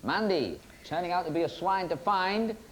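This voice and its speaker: In a noisy 1990s TV broadcast, a quiz show host trades teasing, jokey banter with contestants before a studio audience. He has a high-pitched, animated voice at a normal speed.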